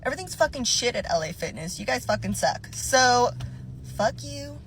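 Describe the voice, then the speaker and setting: A woman's voice: on the high side, lively intonation, moderate pace, fairly bright tone, slight background noise. A woman venting as a casual rant from her car, exasperated and profane, mocking what the staff told her. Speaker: gym member venting.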